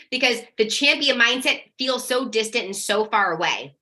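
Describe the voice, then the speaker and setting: Woman coach, energetic and direct, bright forceful voice, fairly high. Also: moderate pace. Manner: energetic, direct, casual swearing; acts out parents' worried questions. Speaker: autism parent coach. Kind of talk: live workshop teaching.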